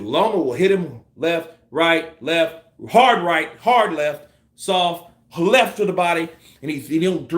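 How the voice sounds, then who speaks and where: A man's voice: a little high, roomy sound. A man giving casual, profane boxing commentary on a live stream, acting out punch combinations. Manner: animated, profane, acts out punch sequences.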